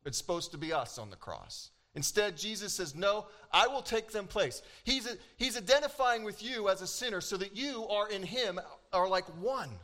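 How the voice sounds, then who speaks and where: Preaching as a pastor, a man speaks with a high-sitting voice, full of animation and emphasis. He dramatizes the lines he quotes and lets pauses hang for effect.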